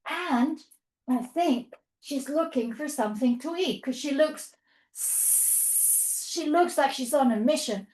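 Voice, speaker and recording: A woman with a high, bright-toned voice guides toddlers through a yoga class. She speaks slowly and patiently, heaping on praise and weaving an animal adventure into the poses. The sound carries a roomy echo. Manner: encouraging, praising, playful storytelling. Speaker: children's yoga teacher. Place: yoga studio. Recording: echoey room.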